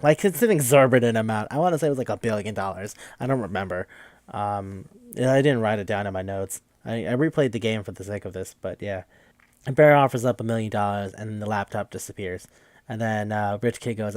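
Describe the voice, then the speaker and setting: A young man casually recapping a video game for a podcast, rambling, swearing freely and tossing in quick mocking quotes of the characters. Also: fairly low pitch, darkish tone, no room sound. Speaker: podcast host.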